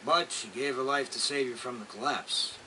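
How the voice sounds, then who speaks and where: A man voicing a gruff adult police officer in a video game cutscene, speaking in a casual, dismissive, rough manner. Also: mid-range voice, normal speed, sharp tone, slight background noise, rough recording. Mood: offhand. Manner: casual, dismissive, rough working-class speech.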